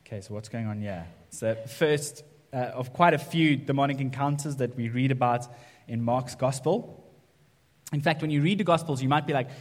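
A man's voice: mid-range voice, a little fast, darkish tone. A man preaching a sermon in a conversational way, often checking in with "right?". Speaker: pastor. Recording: long reverb of a hall.

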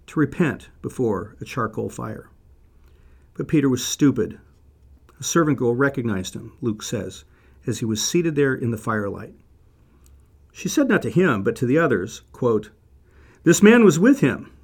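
A man telling a Bible story sermon-style in a wry, conversational way with dry asides, lifting his voice for quoted lines. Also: medium pitch.

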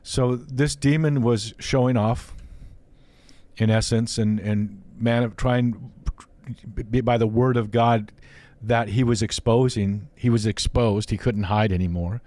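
A man's voice: mid-range voice, fairly even intonation, slow, a little mellow, no echo. A man hosting a faith interview show, talking earnestly and often restarting his sentences. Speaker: podcast host.

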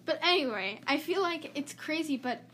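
A woman's voice: sits high, expressive, moderate pace, fairly bright tone, slight background noise. A young woman co-hosting a casual movie chat, chatty and filling her talk with "like", laughing between remarks. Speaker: podcast co-host.

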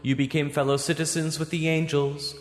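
A man reading and chanting liturgical prayers as a church reader, in a steady, even intoning voice. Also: fairly high pitch, a little fast, soft background music. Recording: long church reverb.

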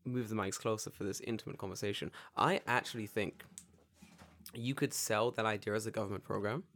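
A man's voice: lowish voice, steady tone, fairly quick, fairly bright tone. A man co-hosting a casual podcast, joking, swearing a lot and acting out little scenes. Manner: joking, swearing, acts out voices. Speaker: podcast co-host. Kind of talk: casual chat.

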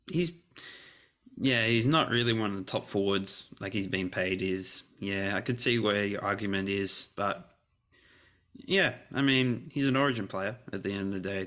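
A man's voice: lowish voice, moderate pace, a bit bright. A man who is a guest on a sports podcast, chatting casually, reading out contract figures, and laughing easily.

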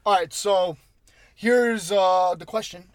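A young man hosting a casual podcast, telling crude, animated stories among friends. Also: high voice, slow pace. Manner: crude, animated storytelling with laughs. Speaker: podcast host.

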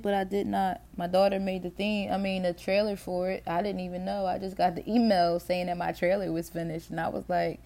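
Hosting her podcast alone, a middle-aged woman talks in a fairly low, warm voice with flat delivery and a moderate pace. She rambles candidly to herself in a casual monologue, cursing freely and laughing often.

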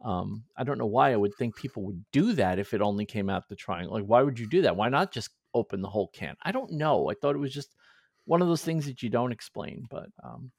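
A man in his forties hosting a podcast in casual chat, an animated storyteller who acts out the voices of people in his stories. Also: medium pitch, brisk, creaky, no room sound, studio quality. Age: 40s. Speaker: podcast host.

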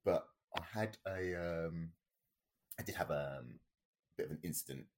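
A man's voice: low-pitched, unhurried, slight background noise. A man, a podcast co-host, telling a story in a rambling, casual way with many fillers and restarts.

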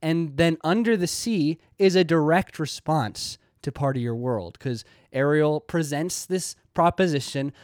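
A man's voice: on the high side, expressive, moderate pace, hardly any pauses, darkish tone, no room sound, clean studio sound. A young man hosting a casual video essay, rambling with many "likes" and restarts.

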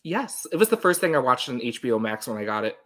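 A woman in her thirties from Long Island hosting an interview podcast, playful and quick to laugh. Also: a bass voice, very animated. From Long Island, New York. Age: 30s. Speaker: podcast host. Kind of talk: casual interview chat.

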